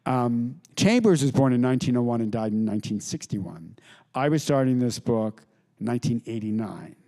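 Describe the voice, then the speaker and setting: A middle-aged man, an author, telling anecdotes to a live audience, with halting restarts and quoted voices. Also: mid-range voice, expressive, dark tone. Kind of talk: storytelling talk to an audience. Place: lecture hall with audience.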